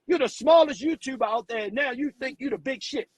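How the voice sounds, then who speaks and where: A man's voice: very high-pitched, a little fast, slightly rough, no room sound, rough recording. A man hosting a live stream, delivering a blunt, profane rant and stumbling over repeated words when riled. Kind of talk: heated livestream rant.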